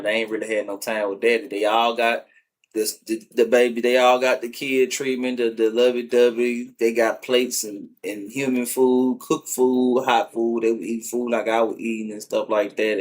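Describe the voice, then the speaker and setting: A man chatting casually on a livestream from his phone, wistful and full of slang as he rambles. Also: on the low side.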